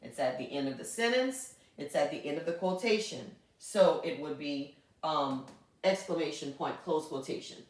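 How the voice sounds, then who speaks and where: A woman teaching a grammar lesson. She is patient, checks in often with a quick question, and spells things out slowly one word at a time. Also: sits low, expressive, recorded from a distance. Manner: patient, checks in with frequent "okay?". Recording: echoey room, voice from off mic.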